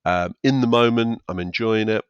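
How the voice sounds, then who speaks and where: A man's voice: lowish voice, moderate pace, clean tone, dry recording, highs cut off. A man, a stand-up comedian talking casually on a podcast and often acting out what people say. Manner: chatty, acts out quotes of himself and others.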